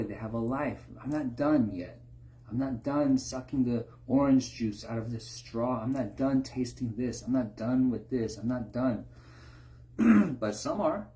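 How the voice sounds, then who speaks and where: A man's voice: mid-range voice, darkish tone. A man giving an informal sermon, often tagging his points with a rhetorical question. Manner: rhetorical, keeps asking "right?". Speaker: preacher.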